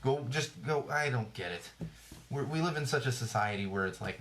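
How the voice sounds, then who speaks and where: A man's voice: mid-range voice, animated, a little fast, fairly bright tone, a little hiss or hum. Male podcast host, jokey and sarcastic, rambling and a bit worn out. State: tired. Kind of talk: casual live-stream podcast chat.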